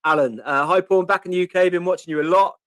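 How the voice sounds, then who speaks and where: A man's voice: high-pitched, fast talker, a bit bright, dry recording. A man in his fifties with a Portsmouth accent, hosting a casual live-stream Q&A, chatting and reading out viewer questions with lots of ums. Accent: Portsmouth (Pompey). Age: 50s. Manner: chatty, answers viewer questions, reads comments aloud with many ums. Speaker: host.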